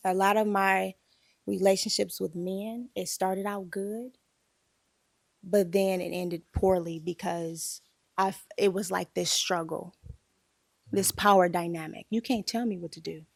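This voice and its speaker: A woman's voice: mid-range voice, steady tone, measured pace, creaky, long pauses, no room sound, studio quality. A woman telling a painful personal story in a candid group conversation, emotional and holding back tears.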